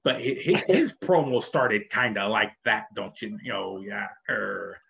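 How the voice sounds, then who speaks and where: A man's voice: on the low side, a little slow, gravelly, fairly bright tone, a little hiss or hum. Man, casual co-host, enthusiastic, rambling, muffled lo-fi audio. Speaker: podcast co-host. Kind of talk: casual wrestling chat. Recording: dull lo-fi sound.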